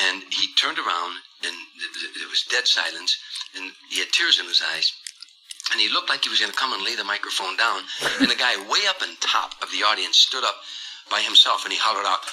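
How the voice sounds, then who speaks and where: Older guy spinning a dramatic story, lowish voice, really bright edge on it. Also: animated, a little fast, low-quality recording. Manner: vivid, dramatic storyteller who acts out quotes. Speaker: performer recounting a tour. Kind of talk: anecdotal storytelling in an interview.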